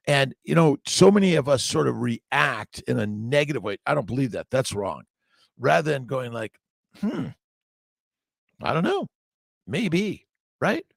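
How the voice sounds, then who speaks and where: A gravelly-voiced man, mid-pitched, chatting upbeat and rambling on a morning livestream. He stumbles over viewers' names as he reads them out. The sound is close and dry with no room echo. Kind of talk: casual livestream chat, greeting viewers.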